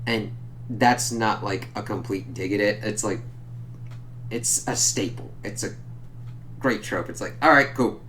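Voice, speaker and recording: A man casually recapping a comic book issue, loose and profane, jumping up in pitch whenever he quotes a character. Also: unhurried, long pauses, a bit bright, slight background noise. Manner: loose and profane, jumps higher when quoting characters.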